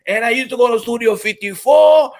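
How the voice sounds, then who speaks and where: A man's voice: extremely high pitch, a little fast, voice pushed up. A man playing a boastful older Puerto Rican party veteran with a Puerto Rican accent who slips into Spanish. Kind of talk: comedic character bit.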